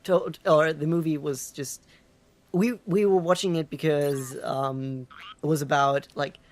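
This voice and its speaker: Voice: medium pitch, fairly even intonation, measured pace. A young adult let's play co-host chatting casually, hesitant and full of ums. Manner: hesitant, many ums and restarts. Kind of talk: casual gameplay chat.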